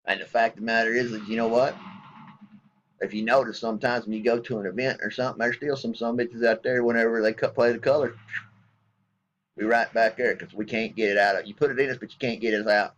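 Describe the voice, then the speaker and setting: A man with a drawl, a military veteran, ranting straight into a vlog. He talks bluntly and angrily, swearing freely, at an ordinary middle pitch. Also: steady tone, fast, a bit bright, lo-fi sound, slight background noise. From Southern United States. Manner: blunt, angry and heavily profane.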